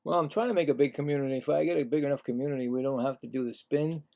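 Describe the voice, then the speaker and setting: Man, gravelly voice, casual play-by-play streamer, tired and yawning, rambling asides. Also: on the high side, rapid-fire. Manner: rambling, chatty asides between calls; livelier and louder on the calls. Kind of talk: casual live play-by-play commentary.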